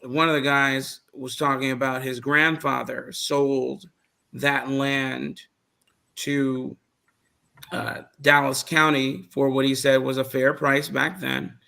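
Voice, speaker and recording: A man's voice: mid-range voice, level tone, takes it slowly, vocal fry, bright, forceful tone. A man on a casual panel chat, telling a rambling story and losing track of names.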